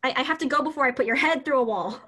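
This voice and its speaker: A woman reading an impatient young woman who tutors French and snaps quickly. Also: on the high side, lively intonation, a bit bright. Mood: exasperated. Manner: exasperated, quick to snap. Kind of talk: amateur scene reading.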